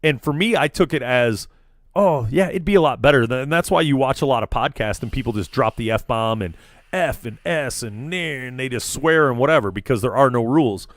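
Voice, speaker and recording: A man hosting a loose, casual podcast, rambling along with a steady stream of fillers and false starts. His voice sits at an ordinary middle pitch. The sound is dry and close, with no room echo. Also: brisk. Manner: rambling, many fillers and restarts. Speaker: podcast host. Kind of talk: casual chat. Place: small studio in a vape shop.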